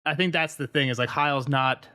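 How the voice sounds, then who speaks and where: A man's voice: medium pitch, brisk, sharp tone. A man co-hosting a casual book podcast, rambling and correcting himself as he argues a point. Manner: rambling, self-correcting, playing devil's advocate. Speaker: podcast co-host.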